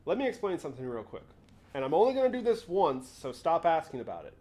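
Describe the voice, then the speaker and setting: A man's voice: fairly high pitch, big pitch swings, fast, warm tone. A young man hosting a casual livestream, rambling and often interrupting himself to answer chat. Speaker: livestream host.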